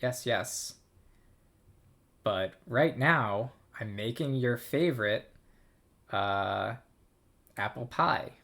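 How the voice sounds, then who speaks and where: Man doing a breezy baking mom, cheerful, slow, a bit teasing. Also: mid-range voice, expressive, creaky, bright, forceful tone, exaggerated voice. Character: cheerful mother busy baking pie.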